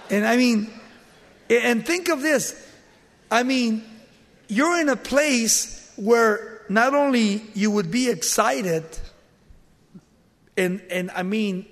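A man's voice: takes it slowly, long pauses, a bit bright, in a large hall. A man preaching a sermon, dramatically acting out the lines he quotes, with sudden jumps in volume. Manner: dramatic, acts out quoted lines with big swings in pitch and volume.

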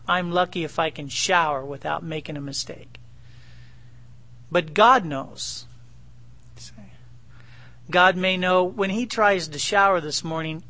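A middle-aged pastor preaches a sermon in a conversational, joking way, acting out his own dialogue with God. His voice is high-pitched with a sharp tone.

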